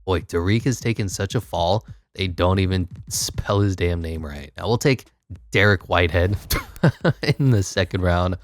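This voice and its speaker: Deep-voiced male gamer, dry close mic, sarcastic play-by-play. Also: measured pace, no echo, soft background music. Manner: wry, sarcastic, thinking aloud. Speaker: gaming YouTuber. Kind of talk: casual gameplay commentary.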